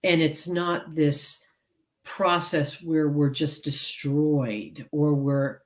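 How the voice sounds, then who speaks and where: A woman's voice: low-pitched, steady tone, extremely slow. A woman author and counselor speaking as an interview guest over a video call, earnest and rambling with many fillers. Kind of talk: casual interview chat.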